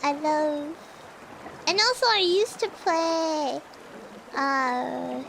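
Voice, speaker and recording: A woman chats casually on stream in a very high, squeaky voice, taking her time over every phrase. She rambles playfully, leans on "you know" and "like", and coughs now and then. A steady hiss of noise sits under her home microphone. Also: extremely slow, rough recording. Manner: coughs often between phrases. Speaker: virtual streamer. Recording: clear background noise.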